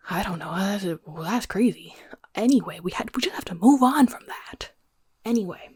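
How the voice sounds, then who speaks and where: Woman whispering a husky book recap. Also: on the low side, dry recording, clean studio sound. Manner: hushed, chatty, self-correcting. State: whispering so as not to wake someone. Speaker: book vlogger.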